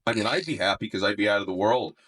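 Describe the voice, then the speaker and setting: A man's voice: on the low side, lively intonation, quick pace, fairly bright tone, husky. A young adult man, a stand-up comedian, chatting on a podcast in a wry, rambling storytelling way. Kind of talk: casual podcast chat.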